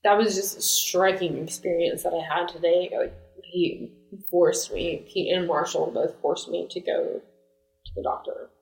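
A woman's voice: lowish voice, unhurried, gravelly, faint music behind. A woman chatting casually as a podcast co-host, telling stories with lots of animation and frequent laughter. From United States. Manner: animated storytelling, laughing often. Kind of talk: casual chat. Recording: roomy echo.

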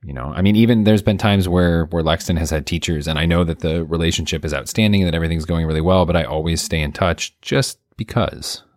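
Deep-voiced man in a candid chat. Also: no room sound, clean studio sound. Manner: candid, reflective, reacts with quick exclamations. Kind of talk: casual chat.

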